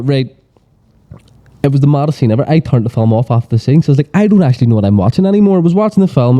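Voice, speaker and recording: Very dark-voiced man telling sweary stories. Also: medium pitch, dull audio. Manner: sweary, rambling storyteller full of fillers. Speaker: podcast guest. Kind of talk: casual chat.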